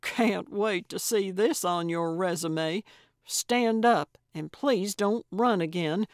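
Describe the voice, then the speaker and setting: A woman's voice: mid-range voice, slow pace, no room sound, close to an everyday voice. Woman voicing feisty elderly woman detective, blunt, bossy, dry sound, audiobook. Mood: commanding. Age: older. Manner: brusque, commanding.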